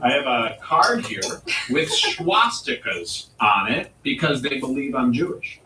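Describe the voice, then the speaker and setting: A man hosting a comedy show and delivering a provocative, mock-serious rant with dramatic pauses. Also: mid-range voice, big pitch swings, over music. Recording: roomy echo, distant mic.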